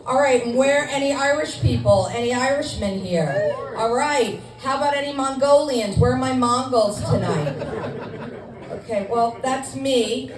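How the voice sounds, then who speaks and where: A middle-aged woman comic does a chatty stand-up set on a club stage, a little high in pitch. She puts herself down with loose ums and restarts. The recording is roomy and taken from far off, with faint noise. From Scarsdale, New York. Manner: self-deprecating, chatty, with filler ums. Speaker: stand-up comedian. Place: comedy club stage with audience.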